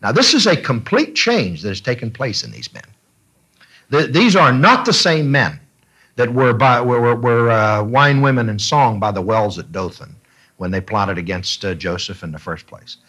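A man leading a Bible study class, talking in an animated way and often repeating himself with fillers. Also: mid-range voice, normal speed, slightly rough.

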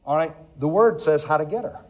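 A man preaching a sermon to a congregation, swinging from loud emphatic lines to hushed, intimate asides. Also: a little fast. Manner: preaching with sweeping swings in pitch and loudness, drops to near-whisper asides. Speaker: pastor.

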